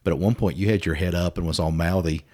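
A middle-aged man with a drawl and a very low, deep voice. He talks fast and tells his stories frankly in a relaxed chat. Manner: quick, animated storytelling with frank language. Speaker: podcast co-host. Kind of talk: casual chat, storytelling.

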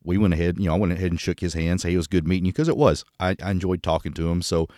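A man's voice: sits low, rapid-fire, mellow, no echo, studio quality. A man co-hosting a podcast, telling stories in a candid, joking way with crude humor and a Texan accent. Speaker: podcast co-host. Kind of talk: casual conversation.

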